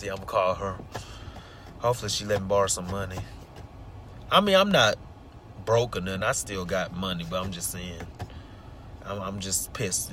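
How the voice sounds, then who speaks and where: A man, venting in a story time vlog, swinging between loud outbursts and low mutters, recorded in a car. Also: slight background noise. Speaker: vlogger.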